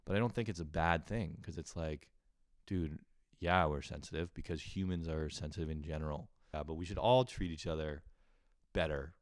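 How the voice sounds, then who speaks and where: A man doing a casual, profane comic monologue at home, intense and quick to act out little voices. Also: a bass voice, no echo, studio quality. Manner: intense, swearing, acts out voices. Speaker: comedian doing a solo rant. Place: home room, early morning.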